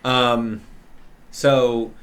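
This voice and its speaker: A man's voice: medium pitch, little pitch movement, drawn-out words. A man narrating a tabletop game as dungeon master, loose and rambling. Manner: loose, rambling, many restarts.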